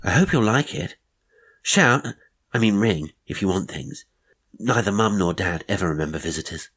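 A man's voice: low-pitched, lively intonation, moderate pace, a bit bright. A man voicing a half-shy, sly teenage boy who confides hints in slangy, polite talk. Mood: confiding.

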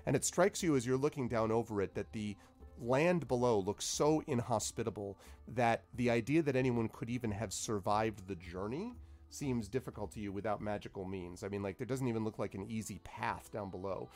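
A man's voice: lowish voice, a little fast, a little mellow, soft background music. A man narrating as game master of a tabletop game, rambling with many fillers.

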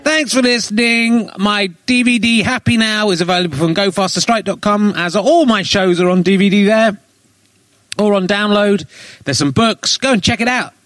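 An English comedian hosting a live podcast interview on a theatre stage, joking and a little hesitant. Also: male voice, high-pitched, moderate pace, fairly bright tone. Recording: live stage audio with crowd and music.

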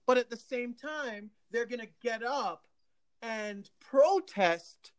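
A local official talking casually to residents in an animated way, laughing often and restarting sentences. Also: mid-range voice, takes it slowly. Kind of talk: casual livestream talk.

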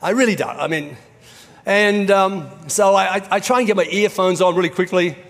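Male pastor, middle-aged, high-ish voice, chatty storytelling sermon, echoing hall. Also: normal speed, a bit bright. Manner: conversational storytelling preaching. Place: church auditorium. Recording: reverberant church hall.

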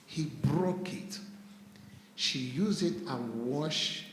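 A man giving an impassioned sermon-style talk at church, building from measured speech to loud, fervent passages. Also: mid-range voice, slight background noise. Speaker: church speaker. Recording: echoey room.

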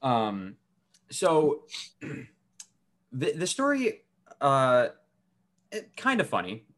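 A man's voice: mid-range voice, huge pitch swings, extremely slow, a bit bright. A young man co-hosting a podcast, telling a family story in a casual, swearing, laughing way. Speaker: podcast co-host.

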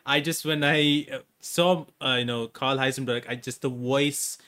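Eager male host, bright voice. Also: medium pitch, fairly even intonation. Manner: enthusiastic, halting questions. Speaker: interview host. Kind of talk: casual video call interview.

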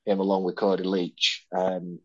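Low-voiced man chatting on a podcast. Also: completely flat delivery, normal speed, a bit bright, slightly rough, no room sound, lo-fi sound. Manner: rambling, self-mocking storyteller. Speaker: podcast co-host. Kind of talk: casual chat.

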